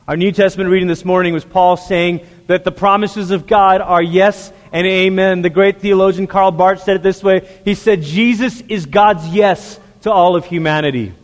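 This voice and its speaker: A man's voice: high-pitched, fairly even intonation, unhurried. A male pastor preaching a sermon to a congregation in a church, speaking earnestly and conversationally, often asking the listeners direct questions. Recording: long reverb of a large hall.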